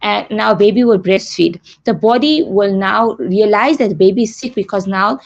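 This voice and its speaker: A woman's voice: mid-range voice, moderate pace, gravelly, lo-fi sound. A middle-aged woman, a breastfeeding support leader, explains things earnestly in a radio interview using simple examples.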